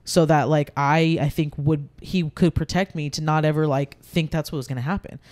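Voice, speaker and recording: A woman's voice: low-pitched, fairly even intonation, normal speed, darkish tone. A woman in her thirties, a podcast guest, telling a personal story candidly in casual conversation, with many fillers. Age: 30s.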